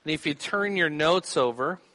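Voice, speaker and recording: A man's voice: on the high side, expressive, moderate pace, pushed and bright, big-room sound. A man preaching a sermon, teaching and putting questions to his listeners. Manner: teaching, asks the audience questions.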